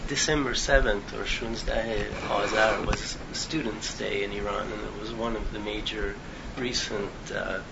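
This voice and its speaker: Gravelly-voiced man adding a remark. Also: on the low side, fairly even intonation, measured pace, few pauses, dull audio, background noise. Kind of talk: explanatory panel remark.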